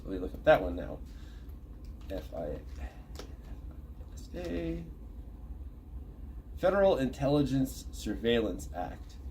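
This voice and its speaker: A man's voice: medium pitch, a little mellow, slight background noise. A man reading a list aloud from an online thread, breaking off to comment, look terms up and correct himself. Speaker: channel host reading a thread.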